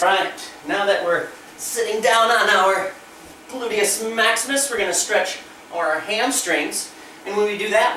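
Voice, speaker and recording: A male PE teacher leading stretches and counting aloud as he demonstrates the moves. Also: a little high. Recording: echoey room from far off with noise.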